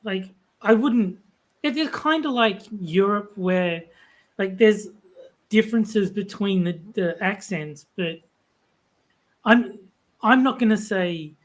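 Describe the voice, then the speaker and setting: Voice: mid-range voice, lively intonation, slow. A speaker in a casual chat, plain-spoken with hesitant fillers.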